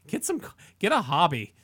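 A man's voice: a little high, a bit bright, slightly rough, dry recording. Man, podcast co-host, casual chat, stumbling restarts, dry sound. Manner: halting, repeats words, stumbles.

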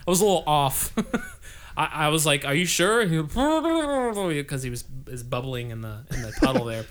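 A man's voice: on the high side, very animated, a little slow, a bit bright, a little hiss or hum. Stammering, rambling man in casual chat. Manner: rambling, stammering, laughs often.

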